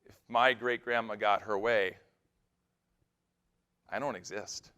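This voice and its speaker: A male pastor giving a keynote sermon on a conference stage, telling stories in an animated way that swings between loud bursts and hushed, serious moments. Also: on the low side, slow pace.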